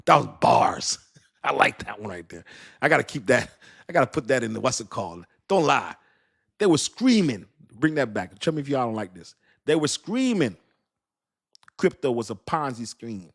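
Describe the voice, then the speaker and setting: Man, middle-aged, mid-pitched voice, casual chat host, repeats words for emphasis, laughs a lot. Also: moderate pace, gravelly, breathy edge. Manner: animated, repetitive, laughs at his own lines. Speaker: crypto channel host. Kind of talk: casual livestream talk, reading chat.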